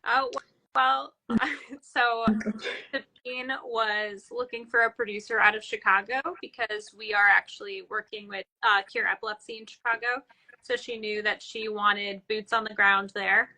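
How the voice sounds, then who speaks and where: A woman film producer being interviewed over a video call. Her voice is bright and crisp. She tells her story in a friendly, easygoing way. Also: mid-range voice, little pitch movement, unhurried, poor audio. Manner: friendly, storytelling, easy laughter. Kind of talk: casual interview answers.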